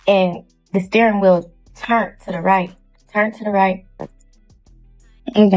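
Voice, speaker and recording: Gravelly, blunt young woman telling a story. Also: medium pitch, warm tone, poor audio. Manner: blunt and profane, reenacting quoted arguments. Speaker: storyteller in a viral video. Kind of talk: casual first-person storytelling.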